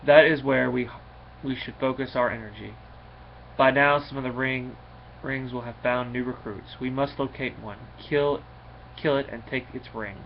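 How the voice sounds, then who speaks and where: A man voicing a brooding, wrathful male alien warlord in solemn, measured tones. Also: mid-range voice, steady tone, creaky, highs cut off, a little hiss or hum, close to an everyday voice. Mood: commanding.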